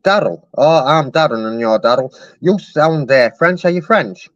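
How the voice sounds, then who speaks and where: A man's voice: on the high side, moderate pace, fairly bright tone, no room sound. A man, complaining on a live-streamed phone call to customer service, chatty and mock-polite.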